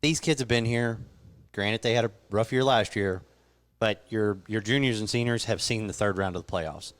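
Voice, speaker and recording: A man's voice: lowish voice, moderate pace. A man co-hosting a sports podcast, making confident picks with joking banter. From Kentucky. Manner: confident, joking, laughs often. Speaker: podcast co-host.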